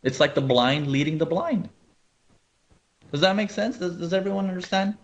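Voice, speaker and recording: A man's voice: high-pitched, moderate pace, dull audio. A man running a live webinar on trading, explaining charts and often checking whether viewers follow. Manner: animated, asks viewers often. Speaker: trading educator.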